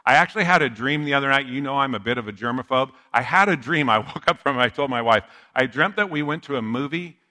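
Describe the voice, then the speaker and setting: Bright-voiced male pastor preaching. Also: medium pitch, quick pace, few pauses. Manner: conversational, animated storytelling with asides to the listener. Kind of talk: sermon.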